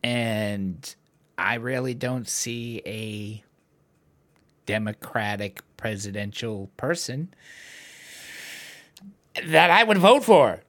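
Male podcast host, swings his pitch around a lot, swears freely, mid-range voice. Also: slow, long pauses. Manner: animated, profane ranting, laughs often. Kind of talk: casual political chat.

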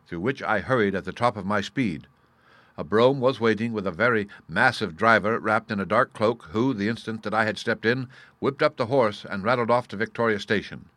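Low-voiced male audiobook narrator. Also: fairly bright tone, no echo. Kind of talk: scripted narration.

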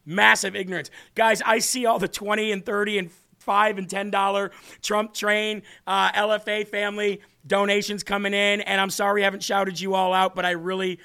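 A man's voice: high voice, level tone, normal speed, creaky, pushed and bright, clear, resonant tone. A man hosting a live political commentary stream, combative and scornful, talking to his co-host.

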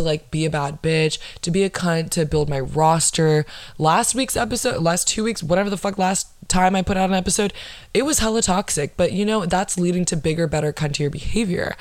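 A woman hosting her own solo podcast, ranting in a sarcastic, profane way full of fillers. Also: on the low side. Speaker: podcast host.

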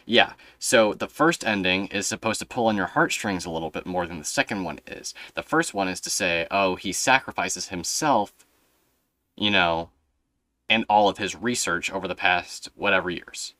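On a casual podcast, a young male host speaks at normal speed in a low voice with a bright, forceful edge. His storytelling wanders and is packed with fillers, captured in dry, close audio without echo.

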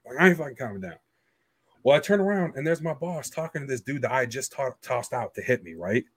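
A young man hosting a podcast, telling a story in a blunt, profane, animated way. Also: mid-range voice, quick pace, slightly rough. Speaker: podcast host. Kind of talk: casual storytelling chat.

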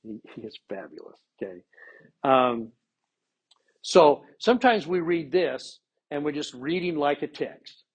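A man teaching an informal scripture class, animated and lively, acting out quotes with plenty of voice inflection. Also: fairly high pitch, a little slow, husky, lo-fi sound.

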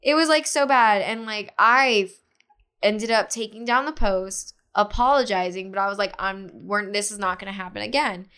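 A woman's voice: mid-range voice, normal speed, clean tone. Chatty young woman retelling a story. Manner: animated retelling with many "like" fillers, acting out quotes. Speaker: podcast guest. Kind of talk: casual podcast storytelling.

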